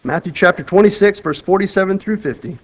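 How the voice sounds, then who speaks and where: Talking fast, a man with a somewhat high voice for a male preaches a sermon with Bible reading in an earnest, conversational style. Phrases are often restarted as he circles back, his delivery moving between loud urgency and soft emphasis, on poor audio.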